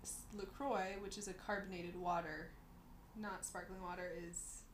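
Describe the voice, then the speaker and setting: A young woman co-hosting a casual podcast, animated and quick to react with surprise. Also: fairly low pitch, echoey room, a little hiss or hum. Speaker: podcast co-host. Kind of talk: casual chat.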